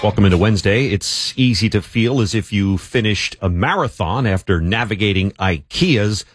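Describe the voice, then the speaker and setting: A man hosting a morning news program, reading stories in a steady, brisk delivery. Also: on the low side, husky, soft background music. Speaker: news host.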